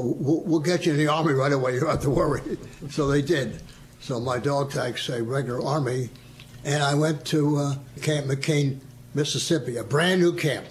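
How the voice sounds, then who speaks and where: A man's voice: medium pitch, a little hiss or hum. An older man casually reminiscing about his past, telling stories and acting out what others said. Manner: storyteller who acts out quoted voices and chuckles. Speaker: veteran interviewee.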